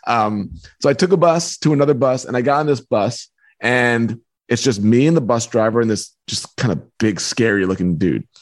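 A man, a book author and podcast guest, telling a personal story in a lively way. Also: mid-range voice. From New York. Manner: lively, acts out voices in anecdotes. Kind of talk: animated storytelling.

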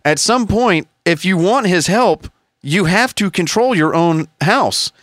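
A man's voice: high-pitched, lively intonation, unhurried, a bit bright, no room sound, studio quality. A man co-hosting a podcast, ranting heatedly with profanity and sarcastic put-on quotes. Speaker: podcast co-host. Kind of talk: casual podcast rant.

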